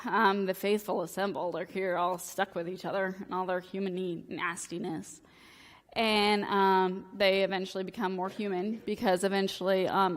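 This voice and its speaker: A woman's voice: mid-range voice, a bit bright, in a large hall. A woman preaching a sermon in a church, casual and joking, peppering her talk with "like". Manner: casual, joking, talks in valley-girl-like "like" phrasing. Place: church sanctuary.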